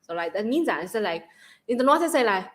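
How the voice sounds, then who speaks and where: A woman from Central Vietnam with a Vietnamese accent, hosting a casual livestream chat, bubbly and quick to laugh. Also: mid-range voice, sing-song. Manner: bubbly, laughs often, reads donation questions. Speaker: livestream host.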